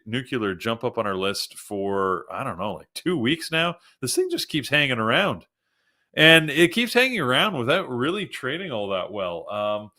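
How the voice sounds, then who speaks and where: A man's voice: medium pitch, sharp tone. A man hosting a live trading show, chatting casually through pre-market stock picks while reading news on the fly.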